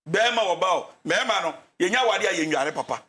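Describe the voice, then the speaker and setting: His voice sits high, bright and forceful, with lively intonation and a fast pace. On a talk show, this Ghanaian-accented pastor gives animated marriage advice, mixing English and Twi and dramatizing how couples fight.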